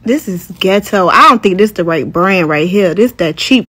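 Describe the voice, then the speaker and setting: A woman's voice: mid-range voice, lively intonation, moderate pace, sharp tone. A young woman talking frustrated to her viewers in a casual vlog. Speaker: vlogger.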